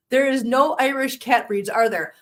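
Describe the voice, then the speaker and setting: A woman hosting a casual live stream, chatty and quick to laugh, often talking to her cats. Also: fairly high pitch, fairly bright tone, far from the mic.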